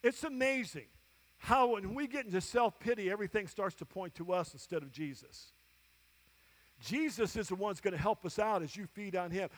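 A high-voiced man in his fifties preaches a sermon and keeps asking the congregation for an "Amen". He reads scripture softly and low, then swells into loud, rising declarations. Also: normal speed. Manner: call-and-response preaching, asking "Amen?" often; drops soft and low for scripture, builds loud at the close.

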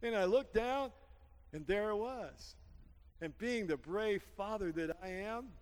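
A man preaching a sermon as pastor, telling a story and rising to shouted peaks. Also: sits high, lively intonation, measured pace. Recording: church hall reverb.

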